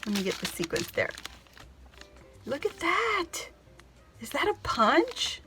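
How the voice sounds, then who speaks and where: A woman's voice: fairly high pitch, fairly bright tone. A woman gushing as she opens a crafty gift package, exclaiming and laughing breathlessly to her viewers. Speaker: craft vlogger opening happy mail. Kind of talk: excited unboxing chat to camera.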